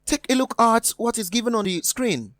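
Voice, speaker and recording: A woman teaching an exam-prep lesson, speaking slowly and deliberately, spelling out words and repeating them for the students. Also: fairly high pitch, animated, no echo. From West Africa.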